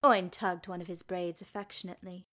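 A woman narrating a story in an even, storytelling manner. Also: fairly low pitch, fast talker. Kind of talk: storybook reading of fan fiction.

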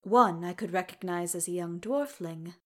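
A woman reading the part of a young male elf who speaks softly and formally, with halting pauses. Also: lowish voice, lightly acted. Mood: hesitant. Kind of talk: audiobook character reading.

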